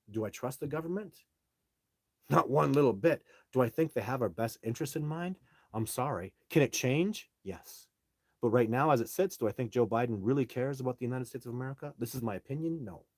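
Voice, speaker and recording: A man's voice: on the low side, a little mellow, husky, no echo. A middle-aged man hosting a livestream, talking bluntly and rambling with many restarts. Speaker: livestream host. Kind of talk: casual livestream talk.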